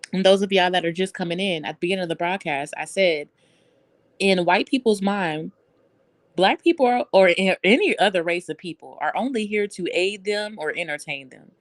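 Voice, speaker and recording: A woman's voice: fairly low pitch, no room sound. A woman hosting a casual live stream, talking loosely and bluntly with lots of swearing and laughter.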